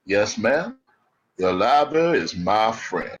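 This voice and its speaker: A man's voice: fairly low pitch, sing-song, slow, lo-fi sound, heavily acted. A man voicing an eager, shy male helper who fakes a cowboy drawl over a Boston accent, polite and folksy. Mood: earnest. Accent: put-on cowboy drawl over Boston.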